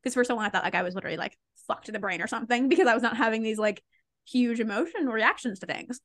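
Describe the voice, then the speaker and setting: A young woman guesting on a podcast talks rapid-fire in a fairly high, bit-bright voice with no echo. The casual conversation is candid and loose, full of filler words and frequent laughter.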